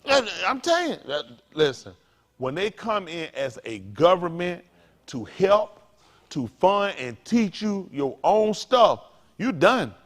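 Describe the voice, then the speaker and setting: Animated high-pitched pastor, loose and slangy. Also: male voice, unhurried. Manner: animated, slangy, laughs through a funny story. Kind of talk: informal sermon teaching with storytelling.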